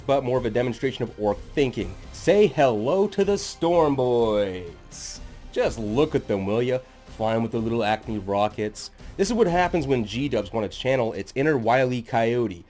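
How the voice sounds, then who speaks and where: A man's voice: mid-range voice, a little mellow. A man hosting his own channel, narrating scripted lore in a sardonic, jokey, self-deprecating way.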